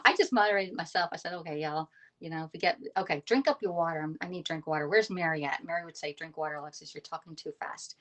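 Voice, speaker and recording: A woman's voice: lowish voice, fast talker, a bit bright. Chatty woman cooking live. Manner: chatty, greets viewers by name, laughs often. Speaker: livestream cooking host. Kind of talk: casual live cooking stream. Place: home kitchen.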